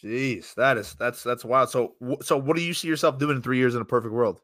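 A man's voice: mid-range voice, brisk, a bit bright, no room sound, studio quality. A man hosting a casual podcast interview, rambling and jokey with plenty of swearing. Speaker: podcast host.

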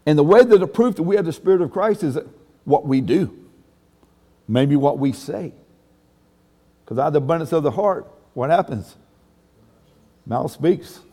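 A man's voice: a little high, lively intonation, normal speed, pauses often, warm tone, long reverb tail. A man pastor preaching a sermon in a folksy, emphatic way, with sudden exclamations.

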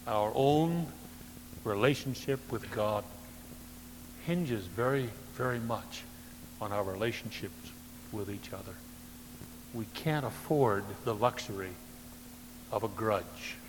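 A man preaching a sermon as pastor, emphatic, rising to loud stresses and dropping to soft low phrases, with dry humorous asides. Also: slow, long pauses, big-room sound, noisy background. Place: church sanctuary.

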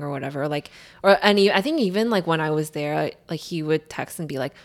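A woman's voice: low-pitched, fast, hardly any pauses. A young woman telling a story in casual chat, rambling with many filler words.

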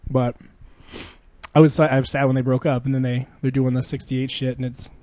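A man's voice: mid-range voice, flat delivery, brisk, mellow, no echo. A man co-hosting a podcast, chatting casually in a rambling, profane way and laughing often as he tells stories. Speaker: podcast co-host.

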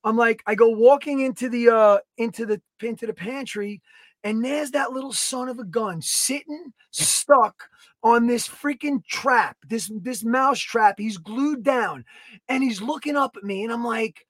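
A man co-hosting a podcast, telling a story in a casual, animated way, swearing and acting out his own quotes. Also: extremely high pitch, measured pace, dry recording. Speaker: podcast co-host. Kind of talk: casual chat.

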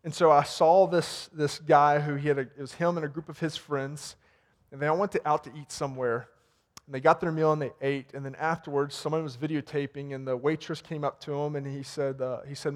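A man with a fairly high voice preaches to his church in a loose, conversational way. He retells a story, repeats words as he searches for them, and moves into a prayer. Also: level tone, a little fast. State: sweating. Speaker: pastor. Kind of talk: sermon with closing prayer. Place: warm church sanctuary.

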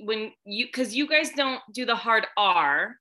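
A woman co-hosting a podcast, playful and animated in casual chat. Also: on the high side, a little slow. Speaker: podcast co-host.

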